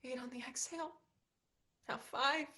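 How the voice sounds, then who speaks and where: A young woman acting a dancer who talks herself through panic in a stage play, slow and breathless. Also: sits high, steady tone, sharp tone. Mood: panicked.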